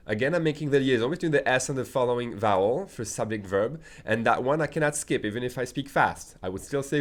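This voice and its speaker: A man's voice: mid-range voice, expressive, brisk. Patient man teaching a language lesson. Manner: patient, methodical, often checking in with "okay?". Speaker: French teacher.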